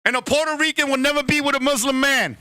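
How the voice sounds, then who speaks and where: A man hosting a comedy show, ranting loudly and brashly, swearing freely and sometimes breaking into chants. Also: very high voice, fast, dry recording. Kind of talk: comic rant.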